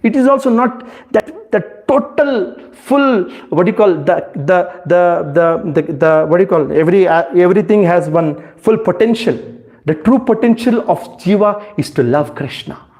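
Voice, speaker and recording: Man, gravelly voice, fairly high pitch, devotional talk, halting with fillers. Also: a little mellow. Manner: searching for words with many fillers and restarts; rhetorical questions, rising emphasis. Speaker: spiritual speaker.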